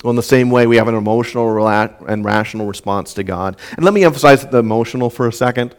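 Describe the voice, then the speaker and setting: Earnest young male preacher, smooth voice. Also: mid-range voice, quick pace. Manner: earnest, repeats words when restarting. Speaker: pastor. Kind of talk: sermon.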